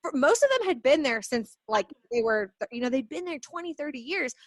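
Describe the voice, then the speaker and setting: A young woman hosts a casual podcast chat in a high, bubbly voice. She tells stories with animated energy. The sound is close and dry, with no room echo. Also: fairly quick.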